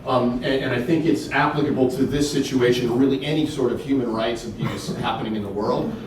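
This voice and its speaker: A man's voice: medium pitch, steady tone, a little fast, background noise. A middle-aged man giving a faith-based keynote talk, telling stories in an earnest, emphatic way with repeated words. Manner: earnest, storytelling, emphatic repetition. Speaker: keynote speaker. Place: church hall. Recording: echoey hall from far off.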